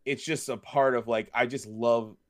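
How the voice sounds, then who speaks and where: A man's voice: medium pitch, moderate pace. A man co-hosting a podcast, chatting casually and telling stories with lots of fillers. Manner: rambling, animated storyteller with many fillers. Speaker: podcast co-host. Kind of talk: casual chat.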